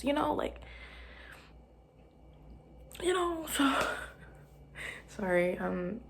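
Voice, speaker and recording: A woman's voice: mid-range voice, very animated, slow, vocal fry, pauses often, slight background noise. A tired young woman from Arkansas with a light Southern lilt, rambling casually on her solo podcast and often dropping to a whisper. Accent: light Southern American. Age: young adult. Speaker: podcast host.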